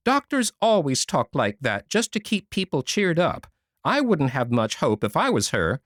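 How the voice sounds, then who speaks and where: A man's voice: on the high side, wildly swooping pitch, moderate pace, fairly bright tone, no room sound, clean studio sound. A man reading a storybook voices a grim, sour old woman with a scornful, pessimistic manner. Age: fifty-seven.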